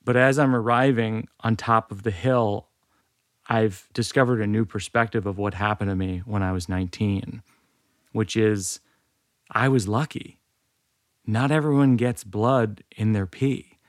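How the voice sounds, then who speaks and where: A man's voice: fairly low pitch, steady tone, measured pace, no echo, clean studio sound. A man in his forties telling a personal story in a candid, wry, self-deprecating way. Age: 40s.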